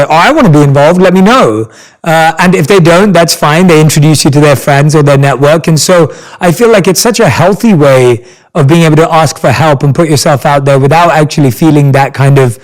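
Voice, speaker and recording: A male podcast host with a somewhat high voice. He talks through his questions in an enthusiastic, affirming way, keeping the tone conversational. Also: rough recording. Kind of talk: conversational interview.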